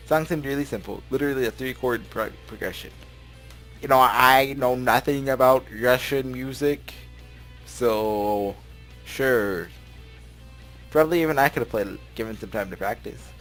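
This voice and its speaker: A man's voice: medium pitch, fairly bright tone. A man hosting a let's play, reading visual novel text aloud with casual joking asides and frequent stumbles. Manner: chatty, laughs often, stumbles over words. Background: game music playing.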